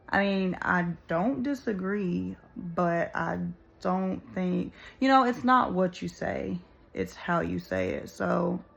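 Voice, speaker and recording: A woman's voice: lowish voice, creaky, dull audio. A woman musing earnestly to viewers in a casual spoken reflection, searching for words with plenty of "like" and "you know.".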